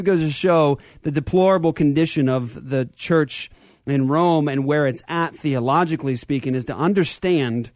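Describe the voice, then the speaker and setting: A man hosting a radio talk show, telling stories and preaching with animated energy. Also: fairly high pitch, no room sound. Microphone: studio microphone.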